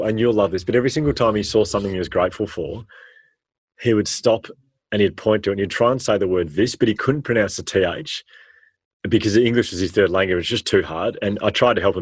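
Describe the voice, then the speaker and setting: An Australian man in his thirties, a guest telling stories in a casual interview, animated and acting out the voices he quotes. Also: fairly low pitch, fast, slightly rough, no echo.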